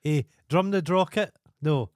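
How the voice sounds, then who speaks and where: A man's voice: fairly high pitch, unhurried, smooth, no room sound, studio quality. Sweary Scottish man in casual chat. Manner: sweary, animated banter. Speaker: podcast host.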